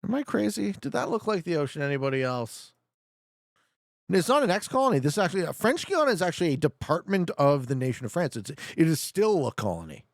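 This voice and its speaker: Animated gravelly-voiced man streaming a game. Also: a little high, fast talker, no echo, clean studio sound. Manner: joking, talks back to his chat. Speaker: streamer playing a geography guessing game. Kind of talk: casual live gameplay commentary.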